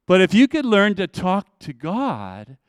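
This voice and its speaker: High, smooth-voiced man preaching a sermon. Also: wildly swooping pitch, unhurried, no room sound, clean studio sound. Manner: conversational preaching, acting out prayers in a soft voice. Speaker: pastor.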